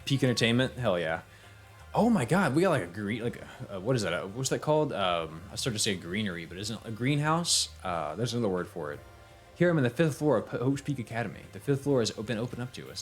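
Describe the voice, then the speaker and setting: A young man streaming a game, chatting casually with viewers, swearing and laughing as he reads the game text aloud. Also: medium pitch. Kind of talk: casual let's-play commentary, reading game text aloud.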